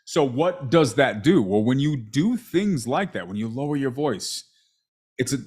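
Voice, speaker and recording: A man coaching a sales rep, talking emphatically and checking in with "right?" all the time. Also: medium pitch. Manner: emphatic, animated, asks "right?" constantly. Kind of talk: coaching call review.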